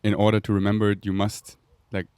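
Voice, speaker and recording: A man's voice: fairly low pitch, monotone, fast, darkish tone, no room sound. Dreamy rambling man with a German accent. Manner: dreamy, rambling, laughs often, makes breathy whooshing sounds. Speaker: podcast host. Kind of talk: casual spiritual monologue.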